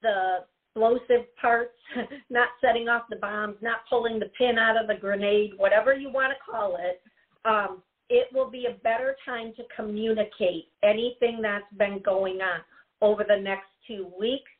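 A woman's voice: a little high, steady tone, moderate pace. A woman hosting a call-in radio show as a psychic, chatty and given to giggling, repeating her warnings to the caller. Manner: chatty, giggly, gives advice in repetitive warnings. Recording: tinny phone-like audio.

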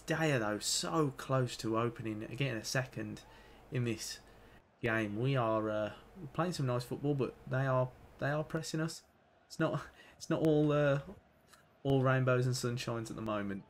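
A man with a mid-range voice commentates live on his own football game session. He talks to himself, drops into low mutters, then bursts out loud when the play turns. A faint room hum sits under him. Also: moderate pace. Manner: excitable, swings from muttering to loud outbursts. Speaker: gaming YouTuber playing career mode.

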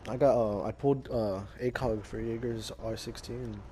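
A man's voice: medium pitch, steady tone, normal speed, mellow, slight background noise. A young man chatting casually while gaming with a friend, swearing often and laughing as he mimics his buddies. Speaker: gaming channel host.

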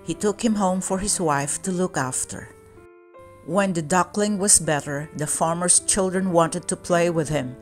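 Slow, low-voiced woman reading a storybook. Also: soft background music. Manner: calm, measured storytelling. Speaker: children's book reader.

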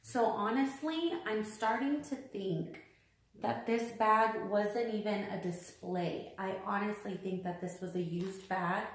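A woman's voice: medium pitch, measured pace, slight background noise. Upset woman vlogging in an echoey room. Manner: upset, exasperated, repeats herself, many fillers. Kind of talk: unboxing vlog complaint.

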